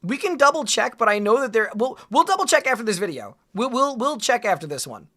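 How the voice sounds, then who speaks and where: A woman streamer from Australia chatting in a casual reaction stream, excitable and rambling as she reacts. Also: a little high, brisk.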